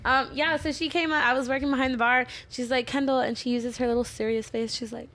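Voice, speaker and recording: A woman's voice: fairly high pitch, steady tone, fast, a bit bright, slight background noise. A young woman chatting casually as a podcast guest, laughing as she tells a story and acts out the lines she quotes. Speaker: bartender guest. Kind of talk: casual chat.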